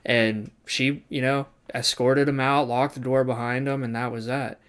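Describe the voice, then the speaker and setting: A man's voice: medium pitch, level tone, normal speed, a bit bright, clean tone. A young man, a barber student, telling a story casually and acting out the people he quotes, swearing now and then.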